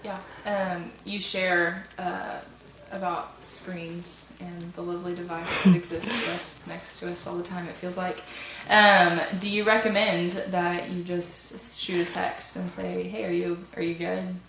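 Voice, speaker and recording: A woman on a thesis panel asks rambling, thoughtful questions full of ums. Her voice is lowish and gravelly. She sounds distant from the mic, in an echoey room with steady background noise. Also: measured pace, hardly any pauses. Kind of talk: asking questions at a thesis defense. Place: school room with an audience. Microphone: passed microphone.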